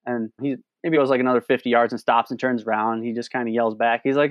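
A man's voice: medium pitch, fairly even intonation, quick pace, hardly any pauses, no echo, muffled recording. A man, a podcast guest, telling a long trail story in a casual, rambling way, full of "like" and restarts. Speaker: guest, long-distance hiker.

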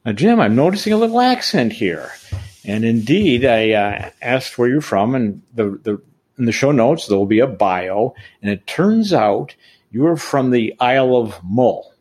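A man's voice: mid-range voice, big pitch swings, measured pace, a little mellow, slightly rough. A man hosting a podcast interview, chatty and joking, often correcting himself. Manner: jokey, rambling, self-correcting. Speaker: podcast host.

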